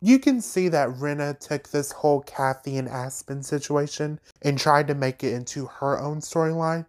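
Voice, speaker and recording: A man hosts a reality TV recap podcast and talks through the drama in a casual rant. He is animated and emphatic, and he throws in sassy asides and pointed questions. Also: fairly high pitch, normal speed. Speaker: podcast host.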